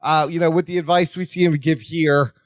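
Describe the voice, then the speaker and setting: This is a man co-hosting a podcast, playful and jokey as he chats and tosses in short impressions. His voice sits a little high for a man. The sound is close and dry, with no room around it. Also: steady tone, fairly quick, no echo. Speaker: podcast co-host. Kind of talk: casual chat and show plugs.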